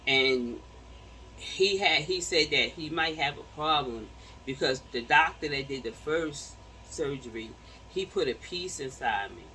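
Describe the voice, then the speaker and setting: Animated woman telling a story. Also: low-pitched, a little slow, far from the mic, a little hiss or hum, rough recording. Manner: animated, repeats words, acts out quotes. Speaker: vlogger. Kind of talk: casual storytelling to viewers.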